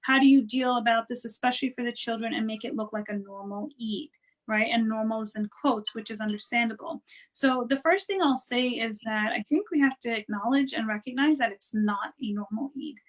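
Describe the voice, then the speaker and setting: A high-voiced woman, a guest speaker on parenting and wellness, gives casual advice a little fast on a rough recording. She's conversational, tagging lines with "right?" and "you know," and acts out quoted voices to convey tone.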